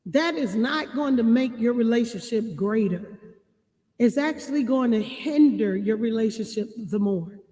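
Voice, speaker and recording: A woman giving relationship advice to her viewers, reading passages and repeating key lines slowly for emphasis. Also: a little high, expressive, mellow, big-room sound. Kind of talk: reading and commenting on a marriage book.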